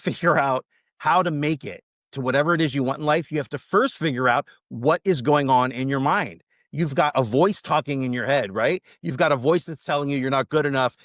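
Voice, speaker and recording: A man speaking as a podcast guest, teaching mindset in an emphatic, animated motivational way. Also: on the high side, dry recording, clean studio sound. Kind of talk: casual podcast interview.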